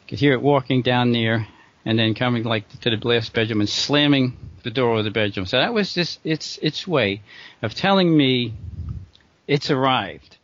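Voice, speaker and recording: A man's voice: mid-range voice, normal speed, fairly bright tone, no room sound, highs cut off. A middle-aged man rambling through a true story in casual conversation, with lots of restarts and short laughs. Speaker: guest telling a true story.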